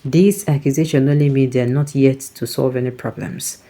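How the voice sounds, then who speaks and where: A man's voice: medium pitch, fairly even intonation, moderate pace, mellow. A Nigerian man hosting a news commentary show, reading out viewer comments and adding his own remarks, often slipping into Pidgin asides.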